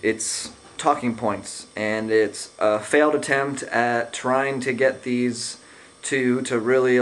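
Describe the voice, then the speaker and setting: Sarcastic, rambling young man ranting. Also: medium pitch. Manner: sarcastic, rambling, hesitant with lots of fillers. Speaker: vlogger. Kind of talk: casual rant.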